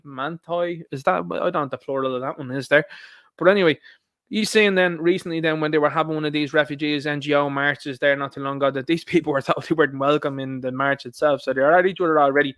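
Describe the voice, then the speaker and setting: A man rants through a solo political commentary, combative and quick to swear. His voice sits fairly high, and the sound is dry and close. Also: a bit bright, no echo.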